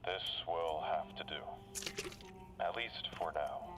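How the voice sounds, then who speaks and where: An actor playing a calm, cold-blooded male winemaker in a video game, explaining things in a measured, matter-of-fact way. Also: very deep voice. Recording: muffled game audio with music.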